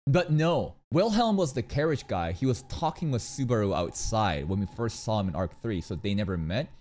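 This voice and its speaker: Streamer reaction commentary: excitable man, cusses, lively pitch swings. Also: normal speed, a little hiss or hum. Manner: excitable, swears freely, exclaims and asks rhetorical questions.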